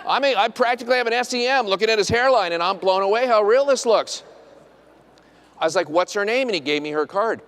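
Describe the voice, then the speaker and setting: A middle-aged man, a dentist, telling a funny self-deprecating story on stage and acting out the quotes. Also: fast talker. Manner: self-deprecating, animated, acts out quotes in high voice. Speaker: dentist and speaker. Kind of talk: humorous storytelling talk.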